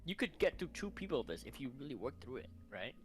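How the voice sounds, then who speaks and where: A man's voice: medium pitch, big pitch swings, fast, heavy background noise. A man streaming casually who rants in a tired voice, swearing freely and often adding "right?". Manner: ranting, profane, tired. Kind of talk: casual chat.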